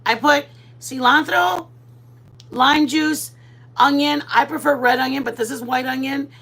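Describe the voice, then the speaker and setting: A woman's voice: high voice, a little slow, gravelly, bright, forceful tone. A woman from Texas chatting casually while she cooks on a livestream, laughing often and mixing in Spanish words. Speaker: vlogger. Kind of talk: casual cooking livestream chat.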